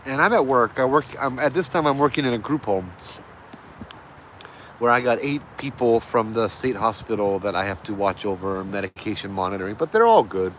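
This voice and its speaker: A man's voice: mid-range voice, expressive, fairly quick, a bit bright, slight background noise, poor audio. A middle-aged man, casually telling a ghost story in a loose, rambling way, correcting himself as he goes. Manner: easygoing, rambling with fillers and self-corrections.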